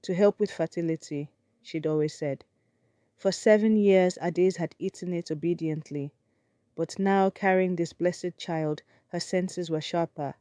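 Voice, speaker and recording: A woman's voice: lowish voice, unhurried, warm tone, clean tone, dry recording, studio quality. A woman storyteller narrating a dramatic folktale with suspense.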